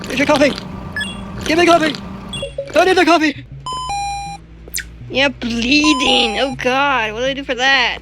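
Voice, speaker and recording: A young woman commenting as she plays a video game, excitable and panicky and full of nervous filler sounds. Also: high-pitched, unhurried, pauses often. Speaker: gamer playing a video game. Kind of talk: gameplay commentary. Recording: game music playing clearly behind.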